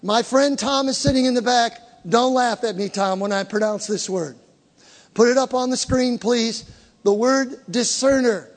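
A man preaching a sermon to a congregation, emphatic, repeating key words and drawing the crowd into call and response. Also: very high voice. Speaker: pastor. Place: church hall with live congregation. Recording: long reverb of a large hall.

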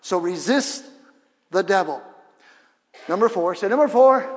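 A male pastor preaching a sermon in a church, energetic and humorous, leading the congregation in call-and-response. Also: high-pitched, a little slow, pauses often. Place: church sanctuary. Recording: long reverb of a church hall.

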